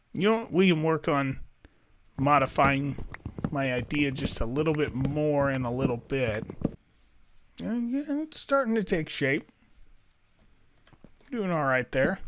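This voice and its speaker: A man narrating his own building game in a slow, unhurried way, pondering each step out loud. His voice sits a little on the high side for a man, and he muses and mutters to himself while he plays. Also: a little hiss or hum. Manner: thinks aloud, musing and self-talking. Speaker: gaming YouTuber. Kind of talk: let's play commentary.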